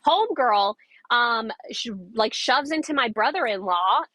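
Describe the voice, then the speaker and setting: A woman's voice: on the high side, lively intonation, a little slow, fairly bright tone, a little hiss or hum. A young woman recounting a street confrontation in a casual storytime video, emphatic and repetitive, with plenty of fillers.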